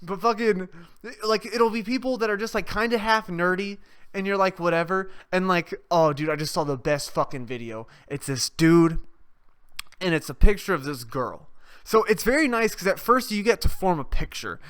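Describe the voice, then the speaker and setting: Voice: mid-range voice, lively intonation, normal speed, a bit bright, smooth. Profane rambling young podcast host. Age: young adult. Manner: profane, rambling, sarcastic, laughs at own jokes. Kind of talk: off-the-cuff solo rant.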